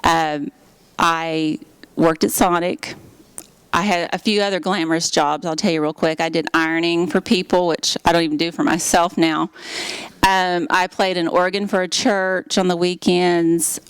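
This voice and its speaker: Low, gravelly woman telling her story. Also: steady tone, normal speed, no room sound. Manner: earnest, heartfelt storyteller. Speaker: speaker giving a personal testimony. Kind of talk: faith testimony storytelling.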